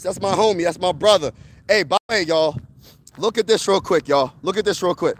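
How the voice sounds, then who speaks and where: Man, fan channel host, high voice, hyped and repetitive, outdoors, phone camera, faint ambience behind. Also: fairly quick, slight background noise. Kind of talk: casual live-stream chat. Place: outdoors by trees.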